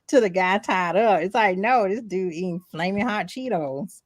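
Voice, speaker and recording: A woman co-hosting a relaxed talk about a series, her voice sitting at an ordinary middle pitch. She tells stories in a lively way, breaking into laughter and acting out little quoted lines as she goes. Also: measured pace, no room sound, studio quality. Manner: laughing, animated storytelling with acted-out quotes. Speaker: podcast co-host. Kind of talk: casual chat.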